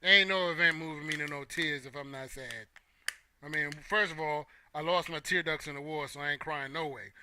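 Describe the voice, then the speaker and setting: A man's voice: fairly high pitch, normal speed, pushed and bright, a little hiss or hum. A young man hosting a casual opinion talk, playful and joking with his chat. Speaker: host.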